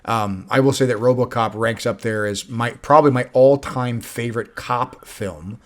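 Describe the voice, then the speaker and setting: A man's voice: mid-range voice, normal speed. A man hosting a casual movie review chat, recapping the plot with swearing and laughter. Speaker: movie review podcast host.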